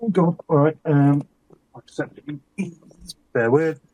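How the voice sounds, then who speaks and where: A man's voice: on the high side, unhurried, warm tone, a little hiss or hum. A man playing a tabletop game who speaks in a mannered, old-fashioned way.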